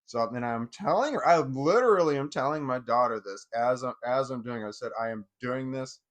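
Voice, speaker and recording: A man's voice: medium pitch, expressive, a little fast. A middle-aged man telling a personal story in casual vlog talk, rambling and profane, with many restarts. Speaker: vlogger.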